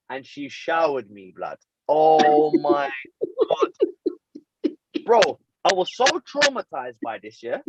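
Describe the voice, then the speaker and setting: Animated man telling a story. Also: a little high, measured pace, highs cut off, crowd noise. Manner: animated, self-mocking slang-heavy storytelling. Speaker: podcast co-host. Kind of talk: casual storytelling chat.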